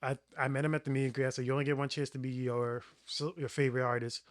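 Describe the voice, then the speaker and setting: A man's voice: medium pitch, level tone, fast talker. A man, a yo-yo performer and rapper, chatting casually on a podcast in a rambling, storytelling way full of "like". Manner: rambling storyteller, heavy use of "like".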